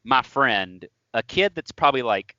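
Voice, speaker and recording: Man, podcast co-host, lively storytelling, bright voice, dry slightly dull sound. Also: mid-range voice, moderate pace, no echo. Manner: animated, laughing, acts out quotes. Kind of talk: casual storytelling chat.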